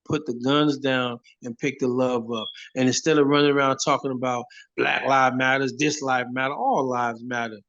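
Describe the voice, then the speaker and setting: A hip hop artist speaking as an interview guest over a phone video call, preachy and emphatic, often repeating himself. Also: male voice, mid-range voice, steady tone, normal speed, hardly any pauses, fairly bright tone. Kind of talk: casual interview. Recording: dull lo-fi phone audio.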